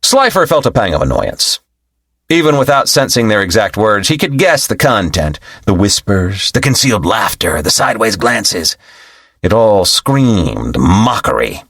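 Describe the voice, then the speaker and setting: A man with a low, lively voice reads an audiobook in an expressive storytelling style. The close mic gives a dry sound with no room. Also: a little slow, husky, no echo. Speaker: audiobook narrator. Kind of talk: scripted narration.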